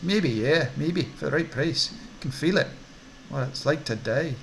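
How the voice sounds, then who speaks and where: A man's voice: on the high side, expressive, a little slow, creaky, a little hiss or hum. A man voicing a twitchy male orc drug dealer with a Scottish accent and wheedling salesman patter. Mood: jittery.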